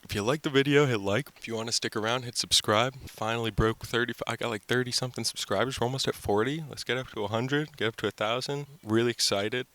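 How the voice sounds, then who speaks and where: A man's voice: mid-range voice, steady tone, fast talker, few pauses, sharp tone. A young man rambling in a goofy, upbeat way as he hosts his own vlog, recorded outdoors by the water. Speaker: channel host. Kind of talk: casual vlog chat.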